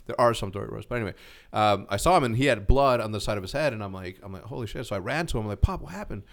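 A man's voice: on the low side, rapid-fire. A man in his forties from Mexico, telling a long personal story in a casual podcast chat, with lots of restarts. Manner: storytelling, animated, many restarts. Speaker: podcast co-host.

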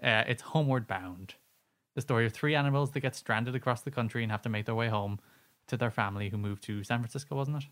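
A man's voice: mid-range voice, fast, a bit bright. A man co-hosting a casual podcast, tossing in joking quips and laughing easily. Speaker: podcast co-host.

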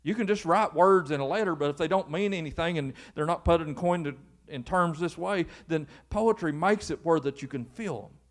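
Male pastor, high voice, folksy sermon delivery in a church. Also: a little fast, few pauses. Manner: folksy, acts out quoted voices. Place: church sanctuary with congregation.

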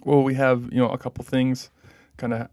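This parish podcast host, a young man on staff there, keeps the talk casual but halting, leaning heavily on "um" and "like." He speaks at a normal speed in a flat, mid-range, darkish voice. The audio is clean studio sound with no room noise.

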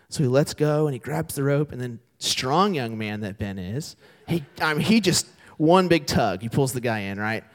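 Animated young male pastor preaching. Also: mid-range voice, moderate pace, hardly any pauses. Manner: animated storytelling with voiced characters. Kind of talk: sermon. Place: church sanctuary.

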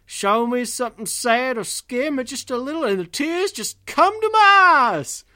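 A man reading aloud as a timid cowboy who cries easily, drawling slowly and rising into a tearful whine. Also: very high-pitched, lively intonation, pushed and bright, no echo, clean studio sound, pitched above the performer's own voice, full character voice. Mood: weepy.

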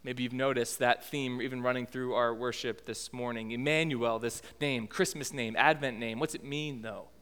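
A man in his thirties preaching a sermon as pastor, conversational and animated as he tells the story. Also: mid-range voice, normal speed, few pauses, clear, resonant tone, in a large hall.

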